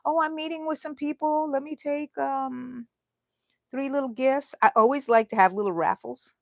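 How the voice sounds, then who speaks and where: A woman's voice: high-pitched, fairly even intonation, normal speed, gravelly, dry recording. Chatty middle-aged woman crocheting live. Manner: chatty and rambling, talks to herself while crocheting. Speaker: crochet channel host. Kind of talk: casual chat during a livestream.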